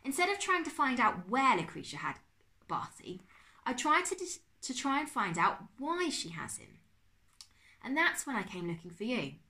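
An excitable middle-aged uncle, put on by a woman reading a storybook aloud, fussy and quick to exclaim. His voice swings widely up and down as he lectures and frets. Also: a little high, pitched above the performer's own voice. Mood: explaining. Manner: exclaiming, spluttering.

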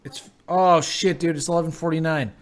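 A man's voice: fairly high pitch, steady tone, moderate pace. A man co-hosting a live gaming stream, joking and laughing with his friends. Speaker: stream co-host. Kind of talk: casual live-stream chat.

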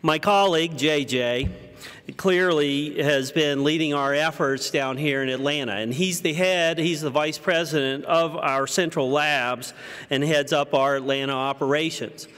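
A man with a cold giving a conference keynote, his voice deep and husky, measured, listing his points. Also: steady tone, fairly bright tone. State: hoarse from a cold. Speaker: keynote speaker. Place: large conference hall. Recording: long reverb of a conference hall.

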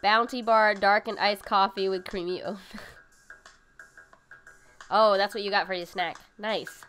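A woman's voice: mid-range voice, fairly even intonation, unhurried, pauses often, a bit bright, clean tone, soft background music. A woman hosting a cooking livestream, chatting casually with viewers and rambling with lots of fillers. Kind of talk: casual chat reading viewer comments. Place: home livestream setup.

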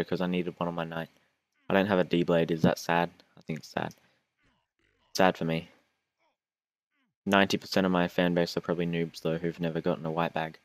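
A man's voice: sits low, no room sound. A young man, chatting and joking through his own gameplay recording, whining and self-mocking as he goes. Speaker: gaming YouTuber. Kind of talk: casual gameplay commentary.

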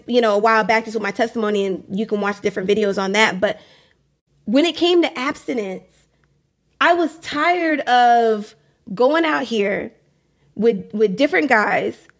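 A young adult woman hosting a faith podcast, talking candidly in a casual monologue, often repeating phrases and laughing. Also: high voice. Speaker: podcast host.

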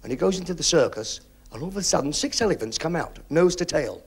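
A man doing stand-up comedy on a 1970s TV stage, telling quick jokes with punchlines. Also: animated, vocal fry, darkish tone, husky. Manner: brisk punchline delivery with big pitch swings. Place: TV studio stage with audience.

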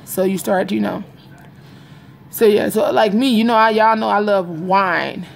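A woman's voice: mid-range voice, creaky, a little hiss or hum. A young woman vlogging casually to her viewers, rambling and confiding, repeating herself and calling them y'all. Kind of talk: casual vlog chat to viewers. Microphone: phone or webcam in front of her.

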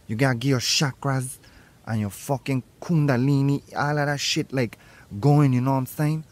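A man speaks in a mock-solemn, preachy way about inner peace. His voice is mid-pitched and plain. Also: steady tone, moderate pace. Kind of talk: comedy sketch, mock spiritual guru.

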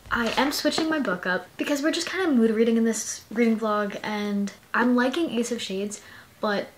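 A woman's voice: on the high side, normal speed, a little hiss or hum. Chatty young woman book vlogger. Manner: chatty, gushing, lots of "like" and "you know what I mean". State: sleepy. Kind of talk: casual reading vlog chat.

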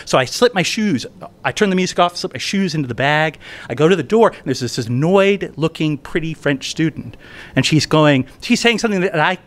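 A man's voice: on the high side, expressive, a little fast, a bit bright. A man telling a funny personal story at a live event, chatty and conversational, often asking "right?". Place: event venue indoors.

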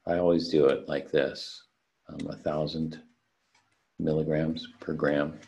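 A man with a rumbling low voice, vocal fry, and a level, slightly mellow tone teaches a recorded online chemistry lesson. Unhurried and methodical, he talks through unit conversions and worked problems step by step. He's captured on a computer mic over a video call.

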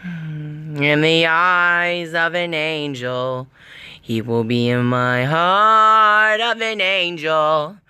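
A woman's voice: low-pitched, steady tone, very slow, sharp tone, clear, resonant tone, no echo, full character voice. A woman voicing Blossom, a bossy, melodramatic cartoon girl heroine in a homemade skit. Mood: mournful. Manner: bossy, then weepy and melodramatic. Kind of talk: homemade doll skit voice acting.

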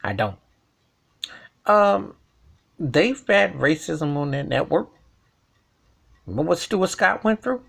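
Gravelly man ranting in commentary. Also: a little high, sing-song, slow pace, pauses often, a bit bright. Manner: emphatic, repetitive, colloquial. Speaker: vlogger.

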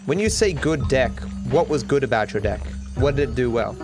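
Gravelly Australian man streaming. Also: mid-range voice, expressive, a little fast, music in the background. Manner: offhand, reads and answers chat. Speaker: livestreamer. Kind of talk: casual chat while gaming.

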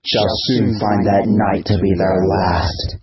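A murderous ghost pirate from a spoken horror story speaks in a deep, slow drawl, as a male narrator puts him on. The voice sounds far off and muffled, with a dense crowd-like noise behind it. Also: fairly even intonation. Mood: menacing.

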